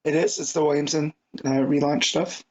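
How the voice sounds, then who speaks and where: A man's voice: on the high side, level tone, normal speed, a little mellow. A man co-hosting a comics podcast in casual chat, rambling and enthusiastic and prone to tangents. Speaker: podcast co-host. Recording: slightly dull lo-fi audio.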